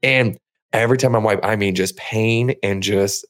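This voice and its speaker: A man's voice: lowish voice, fairly even intonation, moderate pace, fairly bright tone. A man telling a long crude story on a podcast, rambling and swearing, acting out other people's lines. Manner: rambling storyteller, profane, acts out voices. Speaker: podcast co-host. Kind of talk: casual crude chat.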